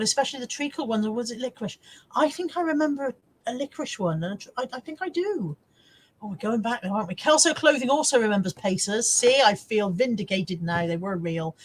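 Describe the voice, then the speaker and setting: A woman's voice: fairly high pitch, lively intonation, quick pace. A middle-aged woman hosting a casual live stream, chatting to viewers, laughing often and swearing freely. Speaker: live-stream host reading viewer comments.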